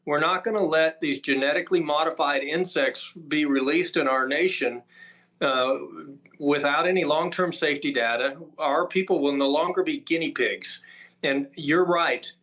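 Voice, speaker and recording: A man appears as a guest doctor in an interview. His voice runs a little higher than most men's. He talks emphatically and lists his points one after another, with frequent filler sounds. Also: moderate pace, a bit bright.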